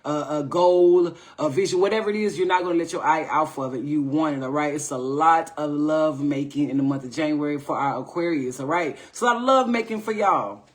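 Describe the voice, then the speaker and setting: A woman from the United States giving a live tarot reading on a livestream, playful and animated, swearing freely and checking in with "all right?" after her points. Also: low voice, a little fast, few pauses. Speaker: tarot reader hosting a livestream.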